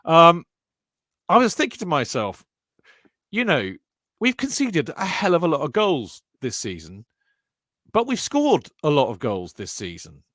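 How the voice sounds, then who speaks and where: His voice is fairly high and his pace measured, with long pauses, as this football podcast co-host banters animatedly with friends, restarting sentences with a stammer and calling them mate. The recording has no room sound and is studio quality.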